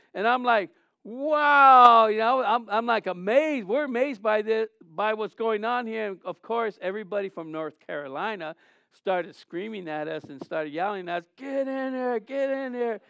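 Man preaching, high voice, smooth and clear, dry close sound, conversational, animated storytelling. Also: moderate pace, dry recording, dull audio. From Southern California. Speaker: pastor. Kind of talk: sermon.

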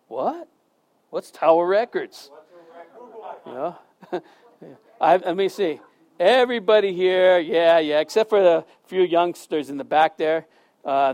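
A middle-aged man preaching a sermon to a congregation, chatty and lively with jokes and asides. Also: high voice. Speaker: pastor. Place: church hall before a congregation.

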